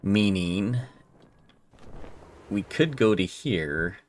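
A man's voice: sits low, extremely slow. A man playing a game and commenting casually, thinking aloud as he decides. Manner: relaxed, thinking aloud, trailing off. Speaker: gaming channel host. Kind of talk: let's play commentary.

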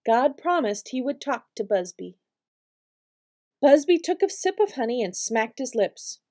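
A woman reads a picture book aloud to preschoolers with expressive, storytelling delivery. Her voice is fairly high, yet soft and mellow instead of bright. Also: measured pace. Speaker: storytime reader.

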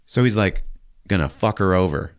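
A man's voice: deep voice, normal speed. A man hosting a podcast who recaps a movie in a profane, laughing, comic way. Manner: profane, laughing, animated storyteller. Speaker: podcast host.

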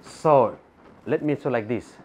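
In a church, a Filipino-accented man gives a sermon, reading scripture aloud and questioning his congregation rhetorically. His voice is mid-range, unhurried, husky and a little mellow.

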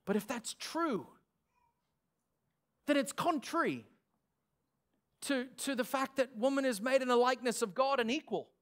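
Animated Australian male pastor preaching. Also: very high voice, unhurried, long pauses. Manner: animated preaching with sarcastic asides. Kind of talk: sermon.

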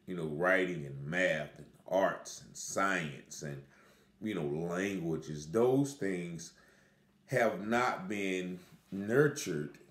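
A man giving unscripted commentary, rambling along with many fillers and restarts. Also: deep voice. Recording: echoey room.

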